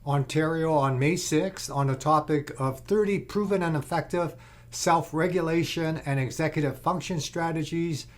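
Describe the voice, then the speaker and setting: A man's voice: a little high, moderate pace. A man hosting an interview, asking questions politely and formally with brief prompts. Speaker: interview host. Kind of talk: hosted interview.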